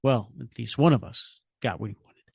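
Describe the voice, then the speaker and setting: A man co-hosting a podcast, recapping a comic and chatting casually, animated and often hedging. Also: mid-range voice, moderate pace, creaky, breathy edge, dry recording, clean studio sound. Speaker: podcast co-host.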